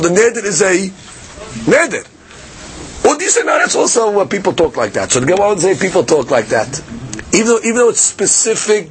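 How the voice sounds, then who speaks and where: A man giving a daily Talmud lesson, explaining in a lively conversational way with many fillers and restarts. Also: high-pitched, a little hiss or hum. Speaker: Talmud teacher.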